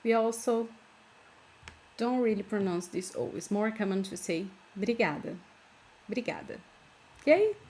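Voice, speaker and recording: A woman with a Brazilian Portuguese accent, a native Portuguese speaker, teaches an online language lesson, patiently explaining words step by step. Her medium-pitched voice is mellow and animated. She speaks at normal speed and pauses often.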